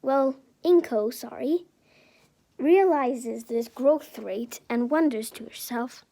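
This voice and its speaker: A woman's voice: high voice, takes it slowly, mellow, no room sound. A woman improvising a fan-fiction story aloud, rambling, correcting herself and giggling.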